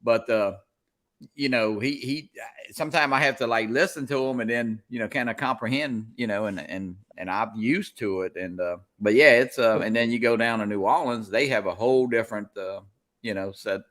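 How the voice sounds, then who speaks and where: A middle-aged man with a Louisiana accent, hosting a casual chat and talking in halting, rambling runs. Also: medium pitch, fairly bright tone. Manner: rambling, halting with many restarts. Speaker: host.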